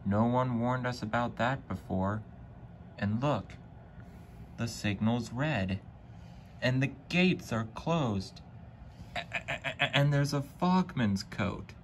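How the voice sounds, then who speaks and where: A man voicing a cautious male train driver who speaks in a measured, sensible way. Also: mid-range voice, slight background noise, lightly acted.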